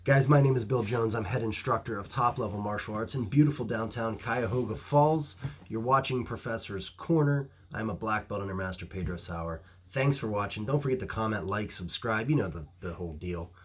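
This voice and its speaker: A man who runs a martial arts gym, telling a story to camera in a casual, animated way, full of restarts and fillers. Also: on the low side, a little fast. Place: Ohio.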